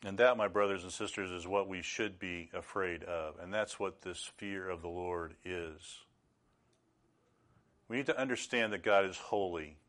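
A middle-aged man preaching a sermon in an earnest, measured way, now and then rising to loud bursts. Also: low-pitched.

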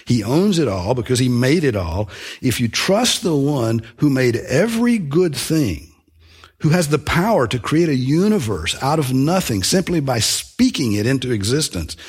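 Male preacher delivering a sermon, slightly husky, earnest, leans hard on key phrases. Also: medium pitch. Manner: earnest, emphatic, with slow stressed phrases and small restarts.

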